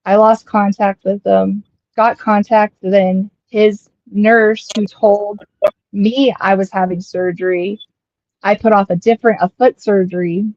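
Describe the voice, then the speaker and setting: A woman's voice: medium pitch, a little slow, no echo, lo-fi sound. Chatty young woman telling a long story. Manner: chatty, rambling, quotes others in lively asides. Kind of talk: casual storytelling chat.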